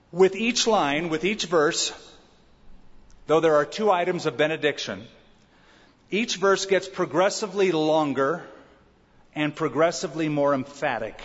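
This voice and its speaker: Emphatic man preaching in a big hall. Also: fairly high pitch. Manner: emphatic, rhetorical questions to the congregation. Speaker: pastor. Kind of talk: expository sermon. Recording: dull reverberant church sound.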